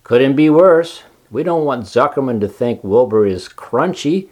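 A man's voice: medium pitch, expressive, unhurried, lightly acted. A man doing Charlotte, a kind wise spider. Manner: gentle but firm, coaxing.

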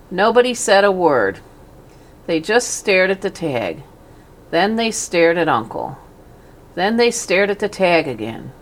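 A woman narrating a children's storybook in a gentle, even manner. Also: on the low side. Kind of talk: storybook reading aloud.

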